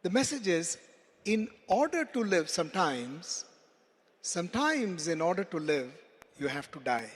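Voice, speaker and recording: A man voicing a wise female parrot in a told story, pleading and then calm. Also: sits high, unhurried, slightly rough, heavily acted. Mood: knowing. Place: large conference hall. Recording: long hall reverb.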